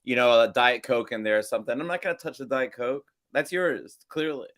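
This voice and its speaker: रैम्बलिंग अंदाज़ में बात करता पुरुष पॉडकास्ट होस्ट. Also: male voice, mid-range voice, fairly quick, a bit bright. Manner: rambling, self-amused storytelling. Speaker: podcast co-host. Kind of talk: casual chat.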